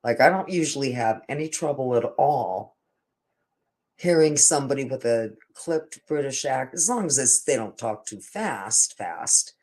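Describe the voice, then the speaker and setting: A man's voice: medium pitch, expressive, normal speed, a little mellow. Older man rambling through a casual story. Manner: meandering, with frequent restarts and stammered repeats. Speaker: vlogger.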